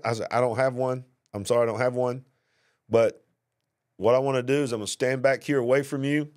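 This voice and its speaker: A middle-aged man with a Southern US accent, hosting a commentary show and telling a story in a lively voice, acting out both sides. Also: mid-range voice. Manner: animated, acts out both sides of the story, drawling. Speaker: host.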